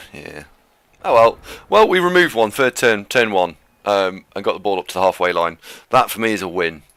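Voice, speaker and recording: A man with a low, gravelly voice co-commentates a casual game session. He talks slowly through the plays in a laid-back, hesitant way, leaning on fillers between thoughts. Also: animated, fairly bright tone, no room sound.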